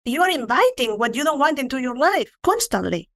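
A woman speaking earnestly and reflectively about letting go and forgiveness, slowing down to stress key points. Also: high voice, big pitch swings, fairly bright tone, dry recording. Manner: earnest, reflective, slows for emphasis. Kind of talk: spiritual talk on forgiveness.

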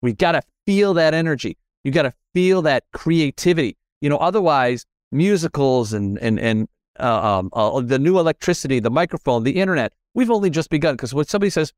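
A man hosting a casual interview, talking with enthusiasm and sudden leaps in pitch. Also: lively intonation, brisk, few pauses, no echo, clean studio sound. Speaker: podcast host. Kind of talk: casual conversation.

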